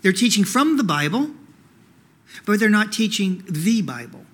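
A man's voice: sits high, very animated, measured pace, fairly bright tone. A male pastor preaching a sermon in a conversational way, asking rhetorical questions and using many "you know" fillers.

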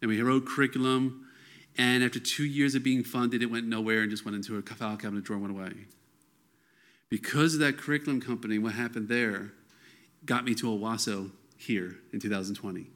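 A man preaching a sermon, earnest and conversational, reading scripture and breaking into animated quoted outbursts. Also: medium pitch, fast talker. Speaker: pastor.

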